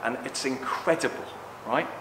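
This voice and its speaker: A middle-aged man giving an impassioned talk to a live audience, excitable and ranting, acting out other people's voices as he goes. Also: medium pitch, moderate pace, noisy background. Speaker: speaker at a talk. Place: indoor talk venue. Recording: echoey hall with faint ambience.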